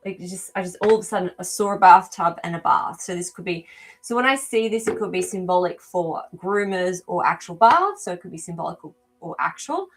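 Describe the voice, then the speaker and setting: A woman with a slightly low voice hosts a live animal communication stream. She talks casually and feels her way toward words, filling pauses with frequent ums as she reacts to viewers' comments. Faint music plays underneath. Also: expressive.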